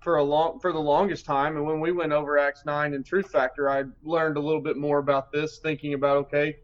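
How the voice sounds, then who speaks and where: A man's voice: fairly high pitch, level tone, brisk. Thoughtful man on dull, lo-fi audio. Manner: thoughtful, restarts phrases. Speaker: panelist. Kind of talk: Bible study panel discussion.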